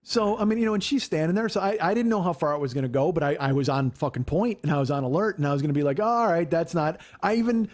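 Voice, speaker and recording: Cussing podcast host in his 40s, laughs at himself, talks a bit high. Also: fast, hardly any pauses. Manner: profane, animated, self-mocking storyteller. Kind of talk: casual storytelling chat.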